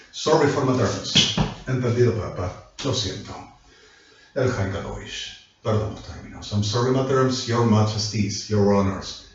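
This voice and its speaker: A man's voice: on the low side, normal speed, a little hiss or hum. A man in a rambling monologue, switching languages and apologizing again and again. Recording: echoey, distant, dull lo-fi.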